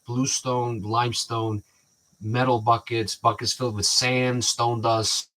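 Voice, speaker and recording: A vlogger with a medium-pitched, slightly bright voice rambles casually to his viewers, often restarting sentences. He acts out the exchanges people had with him.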